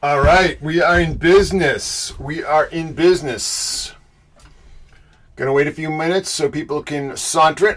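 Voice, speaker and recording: A middle-aged man with a Boston accent hosts a casual livestream. He warmly and loosely greets viewers by name, with an upbeat, chatty delivery. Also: fairly high pitch, normal speed. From Boston area. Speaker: livestream host.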